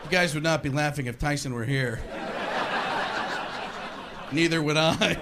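A man's voice: on the high side, a little slow. A man doing a rambling, self-mocking stand-up comedy set, recorded in a noisy live club with the crowd audible.

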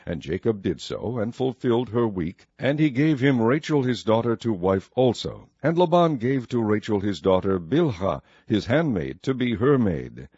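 A man reading scripture aloud in a measured, solemn cadence, with a husky voice, on a dull lo-fi recording. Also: on the low side, sing-song, darkish tone, no echo. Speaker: scripture reader. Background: faint music.

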